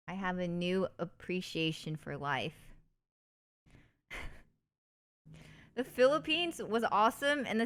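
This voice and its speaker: A woman's voice: medium pitch, a bit bright, clear, resonant tone. A woman streamer chatting casually and telling stories, often breaking into giggles.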